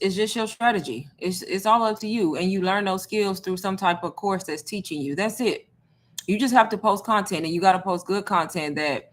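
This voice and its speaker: Young woman, livestream host, chatty and rambling, calls her viewers y'all. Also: on the low side. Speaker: online business livestream host. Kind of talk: casual livestream talk to viewers.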